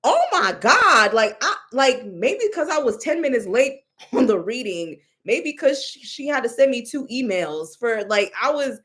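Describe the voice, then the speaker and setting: A young woman telling a story in a casual, expressive way, exclaiming and mimicking others, with many restarts. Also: fairly high pitch, moderate pace. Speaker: storyteller recounting a reading.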